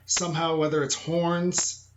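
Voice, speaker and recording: A man's voice: fairly high pitch, level tone, a little slow, slight background noise. A man guesting on a casual film podcast, talking enthusiastically and laughing often.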